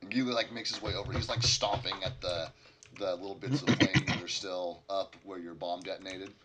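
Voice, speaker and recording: A man's voice: deep voice, steady tone, a little fast, a crowd in the background. A man narrating a tabletop game as game master in a loose, casual way with plenty of fillers.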